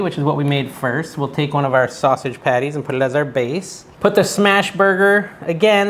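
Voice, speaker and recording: A man hosting a casual cooking vlog from his kitchen, chatting as he cooks in an unsure, self-deprecating way. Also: a little high. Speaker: cooking show host.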